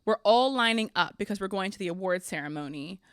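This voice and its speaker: A young woman hosting a podcast, telling funny stories from her life in a chatty, animated way, often laughing. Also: medium pitch, quick pace, smooth, dry recording, studio quality. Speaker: podcast host. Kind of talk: casual storytelling.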